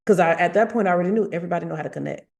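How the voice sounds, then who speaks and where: A woman, a psychic medium, talking in an animated, emphatic way, repeating phrases for effect. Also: lowish voice, racing, creaky. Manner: emphatic, repeats phrases, acts out quoted voices. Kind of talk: animated storytelling in conversation.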